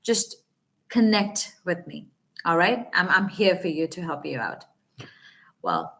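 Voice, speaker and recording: A woman coaching business English in a live online lesson, talking animatedly and checking in often with her viewers. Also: medium pitch. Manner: animated teaching with repeated check-ins. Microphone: webcam or phone mic on a live stream.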